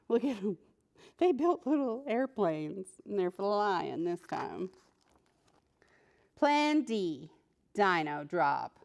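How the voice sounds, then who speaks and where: A woman librarian reading a picture book aloud to preschoolers, playful and animated, talking to the characters and laughing often. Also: medium pitch. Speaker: children's librarian.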